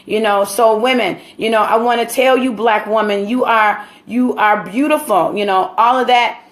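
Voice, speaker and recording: A woman's voice: on the high side, fairly even intonation, moderate pace, slight background noise. A woman hosting her own show, talking straight to viewers in an impassioned, preachy monologue full of "you know" fillers. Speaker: show host.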